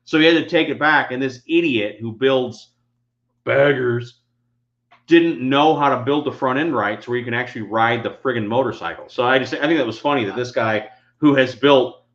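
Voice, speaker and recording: Middle-aged male co-host, rambling and a bit tipsy, mid-pitched voice, dull lo-fi sound. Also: moderate pace, fairly bright tone. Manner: rambling storyteller, drinking. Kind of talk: casual chat.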